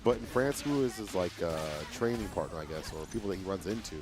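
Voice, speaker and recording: Chill guy co-hosting a fighting game stream, lowish voice, swings up and down a lot, music going behind. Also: quick pace. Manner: laid-back, slangy, animated reactions. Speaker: co-host commentator. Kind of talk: casual fighting game co-commentary.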